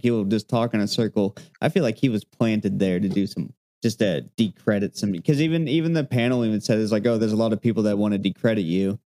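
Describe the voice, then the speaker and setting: A man's voice: fairly low pitch, mellow. A man co-hosting a podcast in casual chat, ranting with lots of swearing. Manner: profane, ranting. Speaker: podcast co-host.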